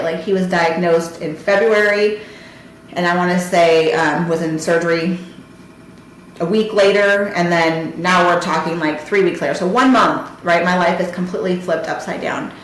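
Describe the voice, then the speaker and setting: A podcast host with a lowish voice tells a personal story, emotional and conversational, packed with "you know" and "like." The room is very echoey, and there's a little hiss or hum.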